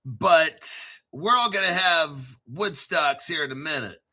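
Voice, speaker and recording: A man hosting his own crypto show, talking in a hyped, profane rush and clearing his throat often. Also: a little high, expressive, a little slow, pushed and bright. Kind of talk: excitable solo commentary stream.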